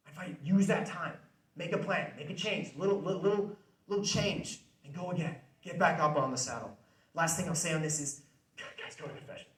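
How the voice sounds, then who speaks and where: A man's voice: a little high, a little fast, fairly bright tone. A man in his twenties giving an earnest, conversational faith-based motivational talk, repeating key phrases. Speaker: speaker. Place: student center hall. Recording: roomy hall from far off.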